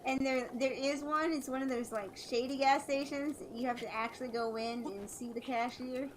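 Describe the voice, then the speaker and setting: A woman's voice: sits high, steady tone, moderate pace, slight background noise, rough recording. A woman streamer chatting casually while she plays, rambling with many fillers and restarts. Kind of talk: casual chat while gaming.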